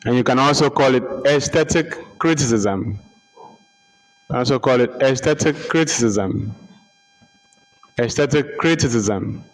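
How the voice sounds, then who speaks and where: Slow-paced male lecturer spelling out names. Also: mid-range voice, expressive, low-quality recording. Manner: repeats names and spells them out letter by letter. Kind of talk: slow dictation-style lecture.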